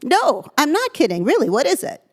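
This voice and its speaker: A woman's voice: high voice, huge pitch swings, brisk, pitched above the performer's own voice. A woman voicing a playful male pediatrician who coaxes a small child with mock-puzzled questions. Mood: teasing.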